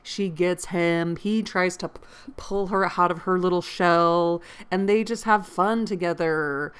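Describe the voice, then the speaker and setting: An American woman chats casually as she sums up a novel for her listeners. Her voice sits a little low for a woman, and her opinions come out blunt and lively, with the odd mild swear word. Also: measured pace, smooth. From United States. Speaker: host and book reader. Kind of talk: casual chat recapping a novel.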